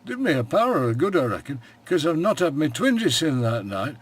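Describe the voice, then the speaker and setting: An actor playing a wry, plain-spoken old shepherd in a radio monologue, with a broad Yorkshire accent and a dry, homely way of talking. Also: male voice, a little high, very animated, normal speed, breathy edge. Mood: chatty. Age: older.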